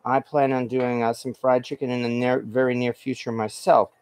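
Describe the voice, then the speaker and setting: A man's voice: medium pitch, little pitch movement, moderate pace, darkish tone, clear, resonant tone, no echo. A man hosting a home cooking stream, talking casually and rambling with lots of fillers and restarts while he cooks at his stove and reads viewer comments. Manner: rambling, filler-heavy, self-correcting. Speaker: cooking show host.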